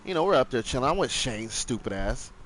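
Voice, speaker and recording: A man's voice: medium pitch, very animated, brisk, fairly bright tone, slight background noise. A young man casually telling a rambling, profane childhood story, acting out the other people with raised voices.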